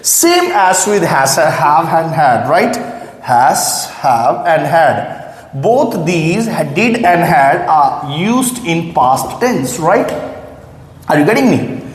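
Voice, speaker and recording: Male grammar teacher at a board, lively delivery, repeats key points, echoey classroom sound. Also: on the high side, slow pace. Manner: checks in often with the listener, repeats key phrases; writes on a board while explaining. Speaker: English teacher. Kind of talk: classroom-style grammar lesson. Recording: echoey room with long reverb.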